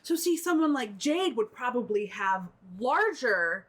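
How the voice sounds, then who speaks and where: A young woman in a relaxed podcast chat, her voice moving up and down a lot. She speaks casually, full of "like"s, with a dry sense of humor. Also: fairly high pitch, unhurried. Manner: laid-back, filler-heavy, dry humor. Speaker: podcast co-host.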